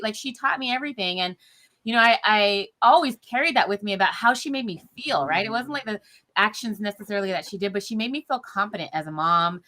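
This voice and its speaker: A woman tells her own story in an interview, chatty and emotional, and keeps slipping into little acted quotes. Her voice is bright and forceful. She is heard over a video call. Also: medium pitch, fast talker. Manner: animated storytelling with many fillers and acted-out quotes. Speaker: guest nurse executive.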